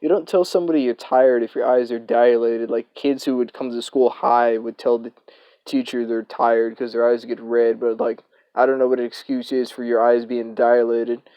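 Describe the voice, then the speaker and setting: Rambling young man, mellow voice. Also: medium pitch, little pitch movement, normal speed, clear, resonant tone, no echo. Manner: rambling, profane, filler-heavy. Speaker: storyteller. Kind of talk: casual storytime vlog.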